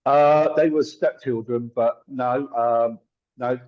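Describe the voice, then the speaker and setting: A man's voice: medium pitch, fairly even intonation, slow pace. A middle-aged man, a tarot reader and medium, telling chatty stories in an interview, laughing often and acting out the people he quotes. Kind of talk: casual storytelling in an interview. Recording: dull lo-fi sound.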